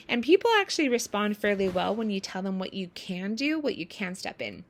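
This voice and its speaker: A woman's voice: mid-range voice, fairly quick. A woman coaching in a casual teaching style, acting out quoted examples as she explains. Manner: acts out quoted examples with lively shifts in voice.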